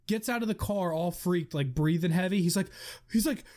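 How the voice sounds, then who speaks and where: A man with a notably high speaking voice co-hosts a casual podcast. He tells stories in an animated way, acting out the lines of the people in them. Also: fairly quick. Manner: animated storyteller, acts out quotes. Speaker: podcast co-host. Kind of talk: casual chat.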